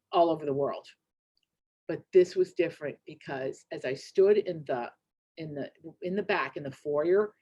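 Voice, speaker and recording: A middle-aged woman giving a keynote speech, telling a story in a chatty, rambling, animated way with quick asides. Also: on the low side, dull audio. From United States. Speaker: keynote speaker.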